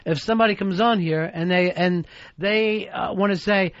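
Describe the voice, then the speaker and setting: Here the man's voice is high-pitched at a normal speed, with no room sound at all. He hosts a radio talk show from a studio, swearing and blustering through mock-threatening, profane banter. The recording is a dull archival satellite broadcast.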